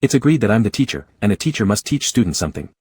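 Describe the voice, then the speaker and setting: Gentle possessive lover in an audio romance, a man reading it, low and husky, coaxing and hushed. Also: big pitch swings, very fast. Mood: tender. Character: gentle soothing male teacher, quietly possessive.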